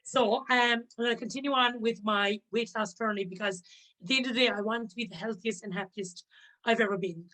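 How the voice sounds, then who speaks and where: A woman's voice: mid-range voice, a bit bright, low-quality recording. A woman, a podcast guest talking openly and earnestly in casual chat.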